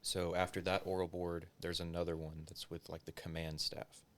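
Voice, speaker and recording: A man's voice: deep voice, level tone, normal speed, a bit bright. A man, a former police officer, telling his story as an interview guest in loose, casual talk full of filler words and swearing. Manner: loose and profane, heavy use of filler words.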